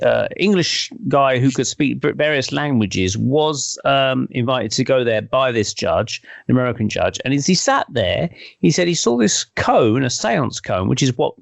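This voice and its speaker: Lively gravelly man telling a story. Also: mid-range voice, no room sound. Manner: rambling, with many self-corrections and fillers. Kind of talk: casual storytelling.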